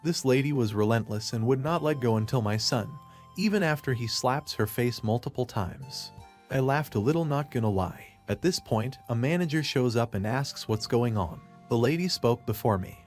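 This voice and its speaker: A man narrating a first-person story in a plain, steady way. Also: mid-range voice, moderate pace, soft background music.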